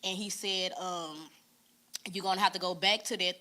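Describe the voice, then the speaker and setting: A woman's voice: lowish voice, moderate pace. A woman, sharing a personal testimony in an earnest, conversational way. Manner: earnest storytelling, quotes people in lively voices. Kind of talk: casual church talk, personal story.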